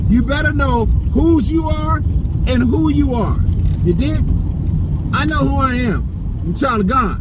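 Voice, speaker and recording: A man's voice: high voice, noisy background. A man preaching a motivational message in slangy street talk, emphatic and repetitive, often asking "you dig?". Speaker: online preacher.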